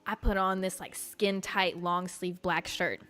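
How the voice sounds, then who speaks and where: A young woman hosting a casual livestream, telling stories in an animated, chatty way full of fillers and swearing. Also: on the low side, a little slow, faint music behind. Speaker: livestream host.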